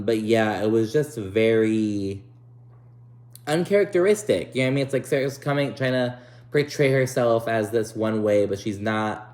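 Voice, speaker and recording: Chatty, profane man with a lowish voice. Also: roomy sound. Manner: chatty, profane, opinionated, full of likes and ums. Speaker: reality TV recap host. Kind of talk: casual recap commentary.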